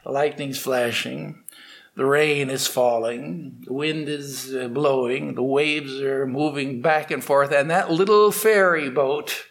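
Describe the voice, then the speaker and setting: A man telling a story aloud, unscripted, with restarts and slowed dramatic pacing. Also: medium pitch, fairly even intonation, vocal fry, fairly bright tone. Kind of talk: oral storytelling.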